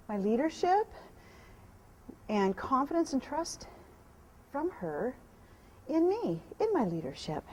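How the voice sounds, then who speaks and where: A high, lively woman's voice that swings up and down as she teaches, a horse trainer outdoors. She moves between clear explanation and soft, soothing praise for the horse, with faint outdoor noise behind her. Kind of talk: instructional talk while working a horse.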